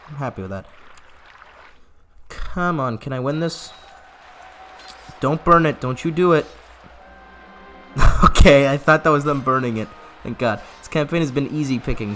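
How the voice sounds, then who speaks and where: A man's voice: mid-range voice, a bit bright, slight background noise. A man giving casual gameplay commentary, laughing often and reading game text aloud with asides. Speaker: gaming YouTuber.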